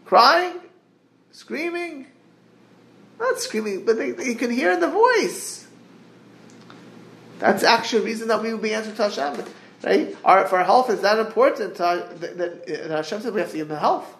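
High creaky-voiced man teaching Torah. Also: lively intonation, fairly bright tone, reverberant. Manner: earnest, halting, quotes Hebrew verses then translates. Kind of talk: Torah class given over a group call. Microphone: group call line.

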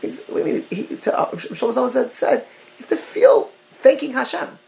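A man teaching a Torah class over a call, talking in halting bursts, often repeating words and mixing in Hebrew and Yiddish terms. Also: very high voice, big pitch swings, vocal fry, dark tone, low-quality recording.

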